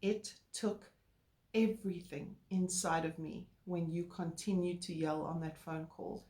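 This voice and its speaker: A woman co-hosting a relationship talk, explaining calmly and earnestly with filler words. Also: lowish voice, unhurried. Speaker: co-host. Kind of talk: casual chat. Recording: roomy echo.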